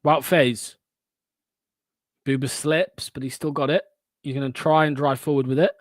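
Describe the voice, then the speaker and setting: A man's voice: medium pitch, steady tone, normal speed, no room sound, clean studio sound. A young man hosting a fan watchalong, giving live play-by-play with blunt, sarcastic asides and swearing.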